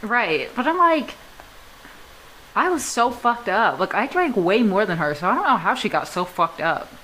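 A young woman from Georgia co-hosting a podcast in casual chat, blunt and joking, often trailing into low mutters. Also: very animated, moderate pace, sharp tone, poor audio. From Georgia, USA. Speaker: podcast co-host. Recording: faint background noise.

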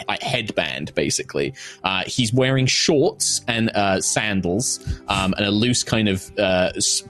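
A man's voice: on the low side, a bit bright. A man narrating a tabletop game as game master, rambling with many fillers. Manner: rambling, filler-heavy description.

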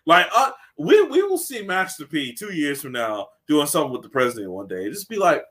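A man co-hosting a casual podcast chat, excitable and slangy, laughing often. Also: on the high side, a little fast. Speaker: podcast co-host.

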